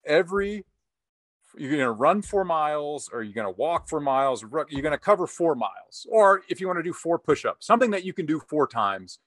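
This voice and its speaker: A man's voice: on the high side, sing-song, fairly quick, a bit bright, dry recording. Casual rambling man. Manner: rambling, profane, laughs often. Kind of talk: casual chat.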